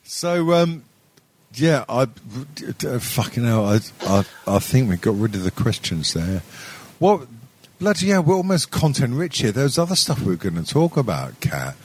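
A young man chatting on a podcast, his pitch swinging all over the place as he rambles. He stumbles through restarts, swears freely and laughs along with his own stories. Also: big pitch swings, moderate pace, a little mellow, husky. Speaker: podcast co-host. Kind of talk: casual sweary chat.

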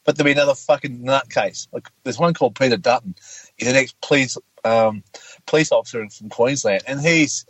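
A man's voice: medium pitch, a little fast, a bit bright, rough recording. A man with an Australian accent, ranting and swearing in casual chat.

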